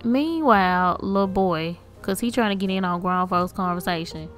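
A woman's voice: medium pitch, moderate pace, soft background music. A woman casually narrating a life-sim game, chatty and amused, talking to the characters on screen. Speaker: game streamer.

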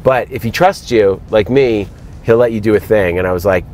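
A man telling animated stories as a guest in a moving car, acting out quotes in other voices. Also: on the low side, moderate pace, a little hiss or hum. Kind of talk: casual storytelling in a car.

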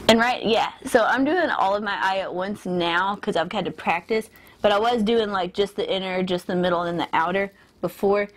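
A beauty vlogger films herself at an indoor mirror doing a lash tutorial, her mid-range female voice moving at a moderate pace. She chats casually as she works, cutting herself off mid-sentence and laughing at her own slips.

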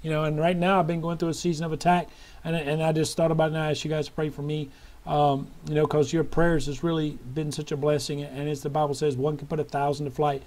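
Man, middle-aged, fervent sermon preaching, higher pitch. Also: flat delivery, quick pace, a little mellow. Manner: fervent preaching, breaks into song and repeated hallelujahs.

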